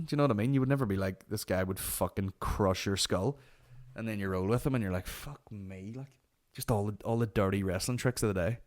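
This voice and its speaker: A man's voice: fairly low pitch, darkish tone. A man hosting a comedy podcast, telling profane, rambling anecdotes. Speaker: podcast host. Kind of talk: comic storytelling.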